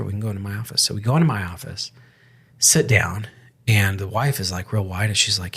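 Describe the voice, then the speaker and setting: A pastor co-hosting a faith podcast tells a story in casual conversation, restarting often and quoting dialogue. His voice is fairly low, brisk, husky, and fairly bright in tone.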